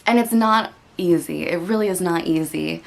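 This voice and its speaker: Earnest woman with a lower voice. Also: moderate pace, creaky. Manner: earnest, open and reflective, with many "like" and "you know" fillers. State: getting emotional. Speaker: meditation channel host. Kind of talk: candid personal talk to camera.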